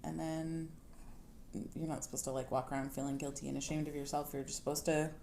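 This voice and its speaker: A woman co-hosting a casual recovery chat, speaking softly with murmured agreement and gentle comments. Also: low-pitched, level tone, a little fast, gravelly, a little hiss or hum. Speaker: co-host.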